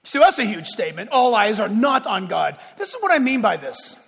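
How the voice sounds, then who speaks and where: A man preaching a fervent sermon as pastor, with sudden shouts and slow drawn-out phrases. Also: sits high, sing-song, creaky, husky. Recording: long hall reverb.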